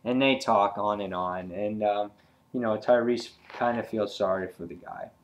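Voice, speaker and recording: A man's voice: on the low side, normal speed. A man casually reviewing a comic book, rambling with frequent fillers and restarts.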